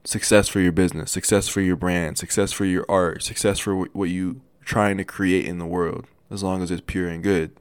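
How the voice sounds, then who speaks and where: A man's voice: deep voice, little pitch movement, moderate pace, few pauses, clear, resonant tone, no room sound. A young man hosting a solo podcast, talking earnestly and casually to listeners, with frequent restarts and small stutters. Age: young adult. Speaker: podcast host. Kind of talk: motivational solo podcast talk.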